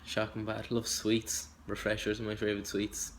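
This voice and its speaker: A man's voice: fairly low pitch, completely flat delivery, brisk, a little hiss or hum. A young Irish man introducing himself in an audition video, hesitant and rambling, poking fun at himself. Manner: hesitant and rambling, self-deprecating. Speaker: acting hopeful.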